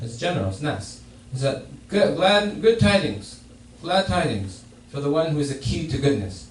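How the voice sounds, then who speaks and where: A man delivers a Friday sermon in a mosque prayer hall, explaining a hadith and often repeating and restarting his phrases. His voice is a little high and a little mellow, with big pitch swings, a fairly quick pace and few pauses. The distant mic picks up an echoey hall and faint noise.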